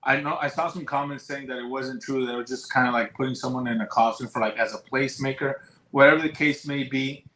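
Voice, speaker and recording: A man's voice: mid-range voice, steady tone, quick pace, sharp tone, roomy sound, poor audio. A man co-hosting a podcast, giving blunt, emphatic, profane opinions on upcoming films. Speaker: podcast co-host. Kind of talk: casual chat.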